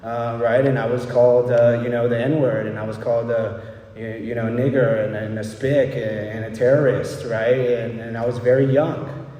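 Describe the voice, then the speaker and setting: A man's voice: medium pitch, flat delivery, normal speed, dark tone, muffled recording. A young man from El Paso tells his recovery story at a meeting in a loose, candid way, often checking in with "right?" and "you know". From El Paso, Texas. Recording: echoey hall, distant mic, faint background noise.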